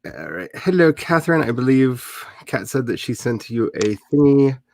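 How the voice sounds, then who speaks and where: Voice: mid-range voice, big pitch swings, normal speed, darkish tone, no echo. A writer hosting a casual livestream, chatting in a rambling way and laughing often. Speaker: host of a writing livestream.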